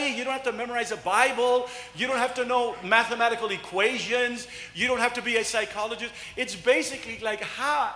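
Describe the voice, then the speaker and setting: Male pastor, high bright voice, animated joking sermon, echoey church hall with long reverb. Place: church sanctuary.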